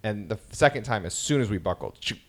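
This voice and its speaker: A man's voice: lowish voice, fast. A man in his thirties co-hosting a podcast, telling family stories in casual chat and acting out what his kids said. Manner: lively storytelling, acting out his kids' lines. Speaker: podcast co-host.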